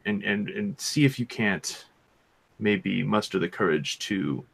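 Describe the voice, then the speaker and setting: A man voicing a scheming male adventurer in a tabletop game, persuading an old woman in a low, measured way. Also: gravelly, a bit bright, breathy edge, exaggerated voice. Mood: persuasive. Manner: hesitant, many fillers and restarts before speaking in character. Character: smooth-talking male adventurer Nikobar, scheming.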